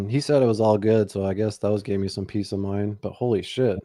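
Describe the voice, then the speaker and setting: A man in his forties co-hosting a podcast, telling stories in a loose, profane, animated way. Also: fairly low pitch, a little fast, no echo, clean studio sound. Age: 40s. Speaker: podcast co-host. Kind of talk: casual podcast chat.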